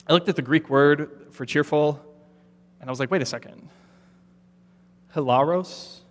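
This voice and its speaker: Animated preacher in an echoing hall. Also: male voice, fairly high pitch, normal speed. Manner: animated, acts out listeners' doubts in quoted asides. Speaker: pastor. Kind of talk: sermon. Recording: long reverb of a large hall.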